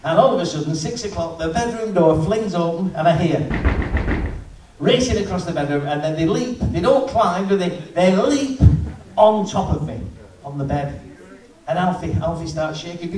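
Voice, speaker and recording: Comedian in a roomy hall. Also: male voice, high-pitched, lively intonation, moderate pace, a little mellow, distant mic. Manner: dry storytelling, chats with the audience. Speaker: stand-up comedian. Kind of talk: stand-up routine. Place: live venue.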